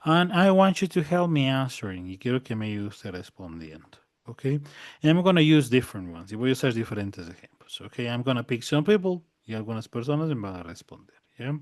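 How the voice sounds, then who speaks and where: A man's voice: mid-range voice, sing-song, fast talker, no echo, studio quality. A man teaching a language class online. He repeats each point patiently and keeps checking that his students understand.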